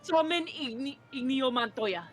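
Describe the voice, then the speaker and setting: A woman's voice: sits high, animated, moderate pace, over a noisy crowd. Teasing woman co-player. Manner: teasing and playful. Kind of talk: casual livestream chat.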